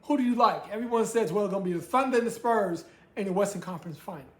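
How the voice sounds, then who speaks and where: A woman's voice: medium pitch, racing, a little mellow. A woman hosting her own sports talk show, ranting with emphasis and repeating her points. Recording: echoey room.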